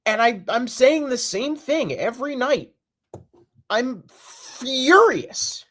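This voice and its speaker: Male podcast host, fed-up solo rant, lively swinging pitch. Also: normal speed. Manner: exasperated, repetitive, emphatic.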